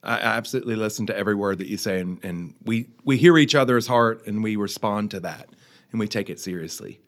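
A man's voice: fairly low pitch, fast talker. A middle-aged man, a podcast guest, chatting in an easygoing way and laughing readily. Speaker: guest, host's husband. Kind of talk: casual chat.

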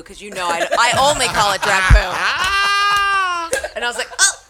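A woman's voice: fairly high pitch, a little slow, loud music behind the voice. A woman co-hosting a podcast, telling a story in casual chat, laughing often and acting out the people she quotes. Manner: animated, laughing, acts out quotes. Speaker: podcast co-host.

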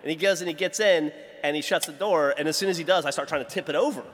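A man's voice: fairly high pitch, fast talker, long reverb tail. A man co-hosting a podcast, telling a story in casual chat and acting out the quotes. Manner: lively storyteller who acts out quotes. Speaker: podcast co-host.

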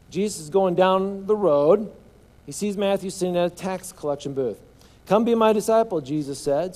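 A man's voice: fairly high pitch, mellow. A male pastor preaching a sermon, drawing the congregation into call-and-response and often restarting his words.

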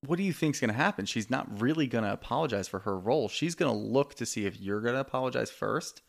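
A fast talker with a mid-range, expressive voice and vocal fry, this man co-hosts a podcast. His reality TV recap is casual and candid, full of free swearing and quotes from the cast.

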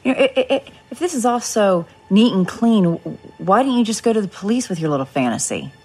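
A woman's voice: medium pitch, very animated, fairly quick, darkish tone, slightly rough, faint music behind. An actress playing a cornered woman who denies her guilt in a flustered, defensive way in a film drama.

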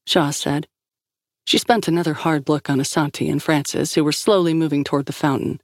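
Audiobook narrator, woman, steady measured reading, dry studio. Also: sits low, no echo. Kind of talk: scripted narration.

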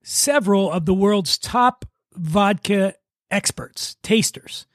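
A man hosting a podcast, telling a story in an animated, self-deprecating griping way. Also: high voice, slow pace, dry recording, studio quality. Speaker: podcast host. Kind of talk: casual podcast chat.

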